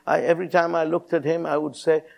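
A pastor in his sixties telling a testimony in a sermon, animated, rising high when he quotes others. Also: fast, creaky, highs cut off.

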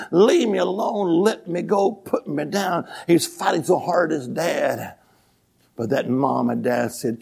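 A man preaching a revival sermon in a church, telling stories and breaking into shouted hallelujahs. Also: medium pitch, vocal fry, slightly rough. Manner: builds to shouting, exclamations of hallelujah. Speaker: evangelist preacher. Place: church sanctuary with congregation.

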